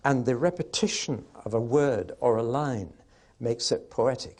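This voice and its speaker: Male Bible teacher, medium pitch, explanatory lecture delivery, recites verse in rhythm. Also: a little slow, a little mellow. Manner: explanatory, asks the audience questions.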